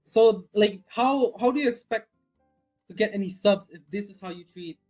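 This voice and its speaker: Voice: medium pitch, normal speed, darkish tone, poor audio. A speaker in casual chat who keeps stopping and restarting sentences to lay out opinions. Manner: hesitant, many restarts and fillers. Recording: faint music in the background.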